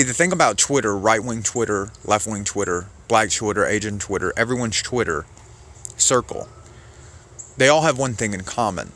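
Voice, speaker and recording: A man's voice: on the low side, a bit bright. A man giving casual political commentary, argumentative and sarcastic, rambling as he rebuts a clip.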